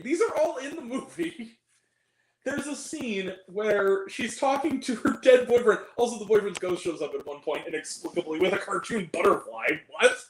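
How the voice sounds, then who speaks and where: A man's voice: high-pitched, roomy sound, rough recording. A man ranting through a film review, sarcastic and exasperated, often laughing at the movie.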